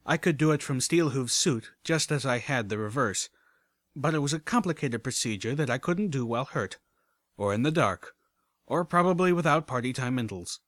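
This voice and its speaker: Male audiobook reader, mid-pitched, steady narration, dry close mic. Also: normal speed, no echo. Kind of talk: first-person audiobook narration.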